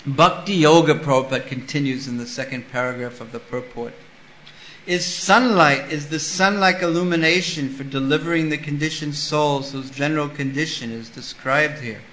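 A man giving a sermon, reading a scripture passage and explaining it with lively stories. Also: on the high side, moderate pace, reverberant, a little hiss or hum, poor audio. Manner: storytelling with acted-out voices. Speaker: spiritual teacher.

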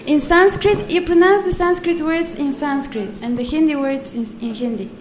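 Woman, high voice, patient pronunciation teacher in a live class, noisy recording. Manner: patient, corrective, repeats words slowly and precisely.

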